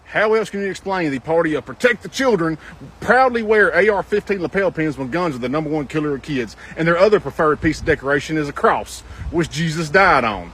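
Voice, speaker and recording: A man delivering a satirical monologue in a sardonic, deadpan way. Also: a little high, a little fast, slightly rough. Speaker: commentator in a played clip.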